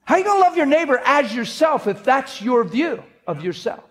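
Husky man preaching earnestly. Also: very high-pitched, sing-song, fairly quick. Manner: earnest, conversational preaching with spoken prayers. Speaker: pastor. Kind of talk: sermon. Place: church hall with audience.

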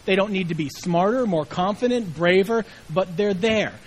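This is a rough recording of a middle-aged man, a pastor, whose high-pitched voice moves at a moderate pace. He preaches conversationally, voicing the people he quotes with expressive inflection.

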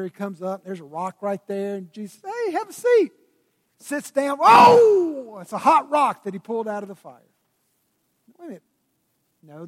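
A male pastor preaches with a high, bright-edged voice that rises into loud bursts and drops to near whispers. His words ring out with a long reverb through a church sanctuary. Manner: dynamic preaching, swinging between loud bursts and hushed tones. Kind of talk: sermon.

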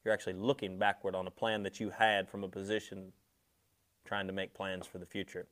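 Conversational preacher, slow emphatic swells. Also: male voice, low voice, flat delivery. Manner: slows and swells on key words, drops soft on asides; conversational, speaks directly to listeners. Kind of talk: sermon.

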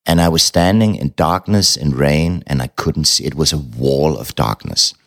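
A man's voice: extremely low pitch, moderate pace, gravelly, a bit bright. A middle-aged man, a novelist telling a personal story in an interview, blunt and candid, swearing casually.

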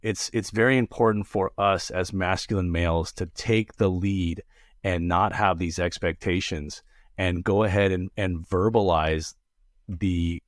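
A man co-hosting a casual discussion, speaking earnestly and in a measured way, with some stumbling repetitions. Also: sits low, steady tone, dry recording, clean studio sound. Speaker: podcast co-host.

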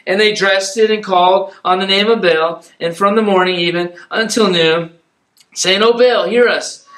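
A man preaching a casual sermon, retelling a Bible story in a rambling, conversational way and acting out the characters in quick asides. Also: sits high, a bit bright. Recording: echoey room.

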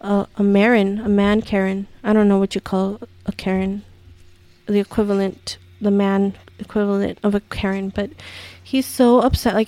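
A woman's voice: mid-range voice, little pitch movement, normal speed, dark tone, no room sound. A woman hosting a countdown video, reading each item and then reacting with incredulous, swearing commentary.

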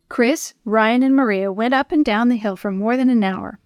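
A woman narrating a children's story in a gentle, clear reading voice. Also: on the high side, normal speed, hardly any pauses, dry recording, clean studio sound.

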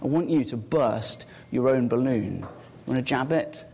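A man's voice: mid-range voice, normal speed, creaky, a little mellow, breathy edge. A man leading a children's talk in a church service, playfully coaxing and encouraging a child volunteer. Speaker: preacher.

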